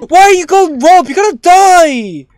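A woman's voice: lively intonation, moderate pace, a little mellow, dry recording, clean studio sound. A woman putting on the voice of a cranky, bossy young boy who whines and bosses teammates around in game voice chat. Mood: whiny. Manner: whiny, bossy, shrill outbursts. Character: cranky bossy young boy gamer, whiny, easily upset. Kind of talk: voice chat during an online shooter game.

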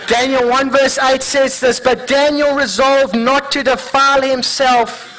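A pastor with a notably high voice preaches to his congregation in church. He presses them with earnest rhetorical questions. He slows down and lays weight on each word when reading scripture. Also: little pitch movement, fairly bright tone, rough recording. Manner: reads scripture slowly and deliberately. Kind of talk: sermon.

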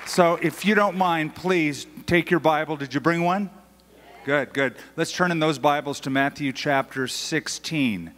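An older American pastor preaching a sermon in a conversational, emphatic way, slowing down to stress key phrases. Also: male voice, fairly high pitch, a bit bright, some chatter behind. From United States. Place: large church hall. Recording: long hall reverb.

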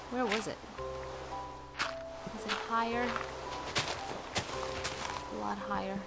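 A woman's voice: mid-range voice, unhurried, long pauses, music in the background. A woman giving casual gameplay commentary, chatting to viewers and talking to the game with sudden exclamations, sounding a little under the weather. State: slightly sick. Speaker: gaming YouTuber.

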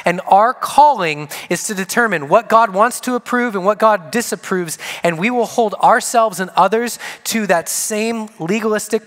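A man with a high voice preaches from a church stage, leaning on repetition to drive each point home. His words ring out with a long reverb that hangs in the sanctuary. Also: a bit bright. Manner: earnest, repeats key phrases for emphasis. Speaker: pastor. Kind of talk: sermon.

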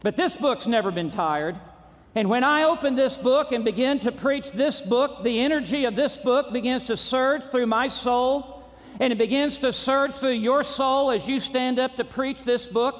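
A man preaching a conference sermon, driving his points home with punchy repetition and rising to shouts. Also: extremely high pitch, moderate pace. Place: large auditorium. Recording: long reverb of a large hall.

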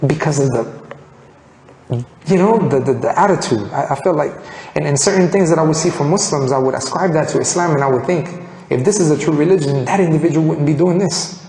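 A man's voice: on the high side, brisk, darkish tone. A man from Colombia telling his story of becoming a Muslim, acting out the dialogue as he goes. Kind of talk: personal testimony. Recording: echoey room with long reverb.

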